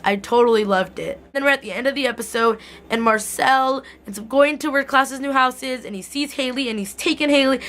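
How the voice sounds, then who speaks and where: A woman's voice: high-pitched, a little fast, fairly bright tone. A young woman in a casual vlog recapping a TV episode, gushing and filling her talk with "like" and "totally". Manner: gushing, heavy use of "like" and "totally". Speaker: TV recap vlogger. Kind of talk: casual chat.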